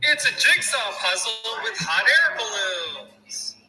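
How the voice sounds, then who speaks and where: A man putting on a slow, drawn-out announcer voice with an exaggerated catchphrase delivery. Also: high-pitched, very animated, voice pushed up, heavily acted, low-quality recording. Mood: mock-impressed. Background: music playing in a cafe.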